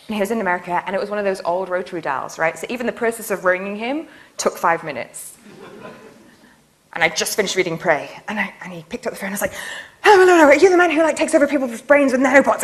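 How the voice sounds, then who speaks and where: A woman nanotechnologist giving a public lecture in a university hall, telling stories in a playful, enthusiastic way. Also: medium pitch. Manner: playful, enthusiastic storytelling with laughs.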